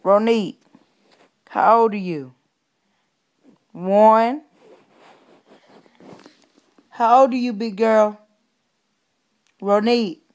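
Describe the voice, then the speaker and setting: A woman's voice: on the high side, steady tone, drawn-out words, pauses often. A woman filming her baby at home, coaxing her in sing-song baby talk.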